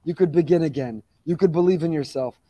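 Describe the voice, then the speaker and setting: A man giving a weekly Torah lecture as a rabbi, talking fast and exhorting his listeners with rising passion. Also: fairly high pitch, highs cut off. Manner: fast-talking, admits reading quickly; impassioned, exhorting with rising emphasis.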